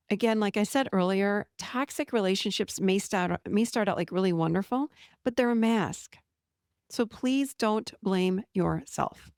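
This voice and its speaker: A woman's voice: mid-range voice, creaky, smooth, no echo, studio quality. A middle-aged woman hosting a podcast as a therapist, speaking directly and telling client stories with animation. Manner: direct, animated storytelling, acts out client quotes. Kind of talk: casual podcast monologue.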